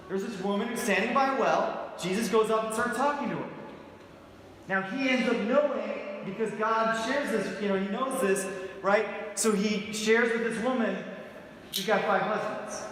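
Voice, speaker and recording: A man's voice: high voice, moderate pace, a bit bright, a little hiss or hum. A man preaching a conversational sermon as pastor, telling stories with jokes and asking his congregation questions. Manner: joking, storytelling, asks the congregation questions. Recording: echoey church hall with long reverb.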